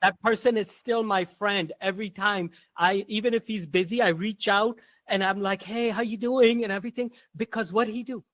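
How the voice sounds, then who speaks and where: High-voiced man, blunt and emphatic. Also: a little fast, a bit bright, no echo. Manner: blunt, emphatic storytelling with slang. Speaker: guest, entrepreneur. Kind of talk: casual podcast conversation.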